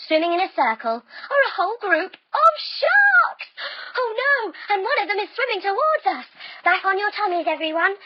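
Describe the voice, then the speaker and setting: A woman guiding children through yoga poses as an adventure story, playful and exaggerated, full of little sound effects. Her voice sits high and leaps wildly in pitch. The sound is dry and a little muffled. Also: no room sound. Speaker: kids yoga teacher.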